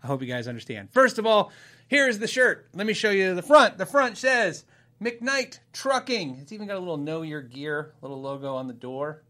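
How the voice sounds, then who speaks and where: A man chats to the camera in a loose, rambling way, chuckling at himself and acting out both sides of a conversation. His voice sits a little high, and it is bright and forceful. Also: animated, moderate pace. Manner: rambling, self-deprecating, laughs often, acts out both sides of dialogue. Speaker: YouTuber telling a story. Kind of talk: casual storytelling to camera.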